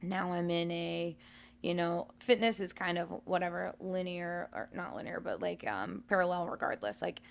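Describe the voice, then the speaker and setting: A woman's voice: lowish voice, little pitch movement, moderate pace, gravelly. A woman in her thirties co-hosting a casual podcast, telling her story in a reflective, open way. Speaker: podcast co-host.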